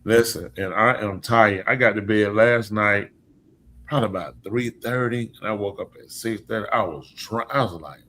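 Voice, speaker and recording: A male preacher hosting a live talk show, telling stories in a lively way and acting out the voices of the people he quotes. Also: fairly low pitch, moderate pace. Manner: lively storyteller who acts out quoted voices. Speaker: podcast host and preacher. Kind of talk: casual storytelling chat.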